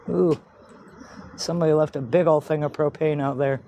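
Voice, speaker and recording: A woman's voice: sits low, fairly even intonation, normal speed, long pauses, warm tone. A woman vlogging outdoors on a street, talking to herself and to cats and swearing often. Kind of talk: rambling outdoor vlog. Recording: noisy outdoor recording.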